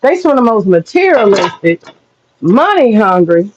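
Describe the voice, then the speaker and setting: In a sing-song, medium-pitched voice at normal speed, a woman streaming live rants casually to her chat. She's blunt and swears, breaking into frequent laughter, over dull lo-fi audio with faint noise.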